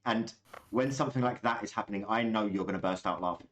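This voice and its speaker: A man's voice: lowish voice, fast, a bit bright. A British man talking casually as a dungeon master, reflective and chatty. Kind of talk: casual chat.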